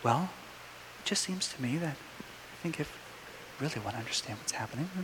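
A man voicing an older male teacher who speaks very softly and slowly to calm a tense room. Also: sits high, long reverb tail, slight background noise, heavily acted. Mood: hushed soothing. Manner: hushed, drawn-out, soothing.

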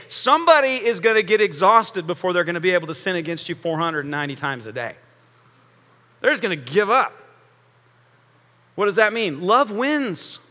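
A man preaching a sermon as pastor, animated and joking, often acting out quotes. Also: high-pitched. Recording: long hall reverb.

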